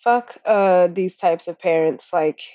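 A woman's voice: fairly low pitch, slow pace, dark tone, no room sound. Young woman podcast co-host, rambling and profane, lo-fi dead-dry sound. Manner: blunt, heavy swearing, rambling with fillers. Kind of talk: casual chat. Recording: dull lo-fi recording.

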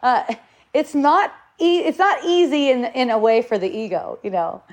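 A woman's voice: high-pitched, very animated, moderate pace. A middle-aged woman speaks in a slightly raised voice, in a loose, rambling spiritual talk. She circles back, repeats words, and now and then acts out what others said to her.

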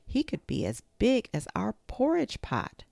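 A woman reading a storybook aloud, voicing an anxious, excitable little boy a bit higher than her own voice. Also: a little slow, gravelly, dry recording, exaggerated voice.

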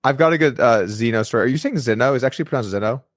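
A man's voice: medium pitch, lively intonation, rapid-fire, no room sound. A man hosting a casual chat, telling stories and stumbling over his words now and then. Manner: storytelling, stumbles and repeats words. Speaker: podcast host.

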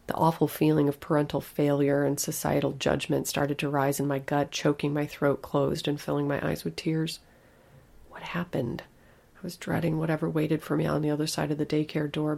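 A woman narrating a first-person horror story in a steady, flat storytelling manner. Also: deep voice, creaky.

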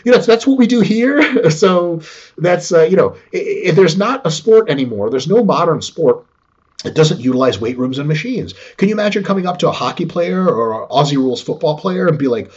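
A man talking in a casual podcast chat, swinging his voice up and down as he gets animated. His tone is husky and a little breathy, and he swears freely. The recording has a dull, lo-fi quality. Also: fairly high pitch, fairly quick. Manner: animated and profane, acts out quoted voices. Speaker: fitness podcast talker.

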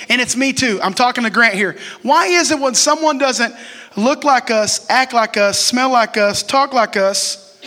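A man's voice: high-pitched, sharp tone. A pastor in his forties preaching a sermon in a church sanctuary, chatty and joking, often asking the congregation questions. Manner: conversational, asks the crowd questions and jokes. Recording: long hall reverb.

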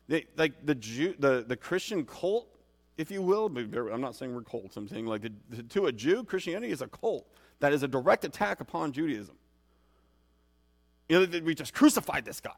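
A man's voice: fairly high pitch, very animated, normal speed. Rambling preacher man in a reverberant hall. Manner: conversational, rambling with many restarts and fillers. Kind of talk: informal sermon.

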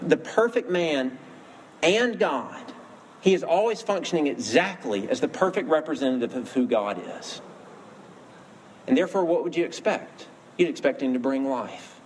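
A man's voice: a little high, expressive, normal speed, a little mellow. A man preaching a sermon in an earnest storytelling manner, lifting his voice for emphasis, with faint ambient noise behind him. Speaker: pastor.

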